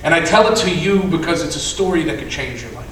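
A man's voice: on the high side, animated, fast talker, distant mic, a little hiss or hum. A man preaching in an echoey hall. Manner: dramatic storyteller, acting out voices, swinging from shouts to hushed tones. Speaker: rabbi. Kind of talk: sermon storytelling.

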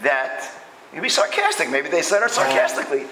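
A man's voice: fairly high pitch, wildly swooping pitch, fairly quick, pushed and bright, a little hiss or hum, rough recording. A man giving a lecture-style Torah class, emphatic and repeating phrases as he builds his point. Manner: acts out quoted speech in changed voices. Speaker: Torah teacher.

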